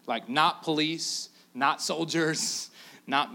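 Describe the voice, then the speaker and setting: Bright-voiced animated pastor, a man. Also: high voice, moderate pace. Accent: Canadian. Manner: animated storytelling, acting out quotes; drops to a near-whisper for emphasis. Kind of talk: sermon.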